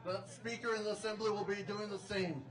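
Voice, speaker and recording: A man's voice: high-pitched, steady tone, fairly quick, poor audio. A man emceeing an outdoor protest rally, fervently rallying the crowd between speakers.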